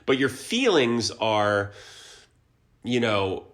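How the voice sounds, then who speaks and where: Talking very slowly yet very animatedly in a lowish voice, an actor and musician in his forties from Columbus, Ohio, appears as a guest in a relaxed interview. He reflects earnestly and frequently begins his sentences over.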